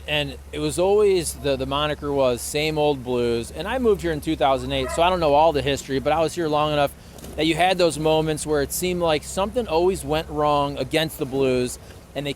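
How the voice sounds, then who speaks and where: A man's voice: on the high side, a little hiss or hum. A man co-hosting a casual sports podcast, talking with enthusiasm and doing a sponsor read. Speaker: podcast co-host. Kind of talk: casual chat.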